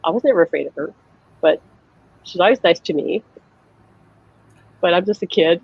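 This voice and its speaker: A fairly low, gravelly voice with a breathy edge belongs to a psychic medium hosting a live online chat by video call. She's expressive and moderately paced, chatting through personal stories, acting out quoted voices and using many "like" fillers. The sound is lo-fi, with no echo.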